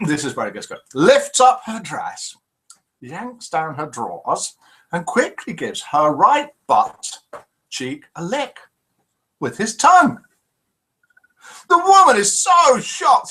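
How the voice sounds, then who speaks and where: A man's voice: high voice, fairly bright tone. A man hosting a live chat show, reading out viewer comments and telling jokes in a chatty, teasing way.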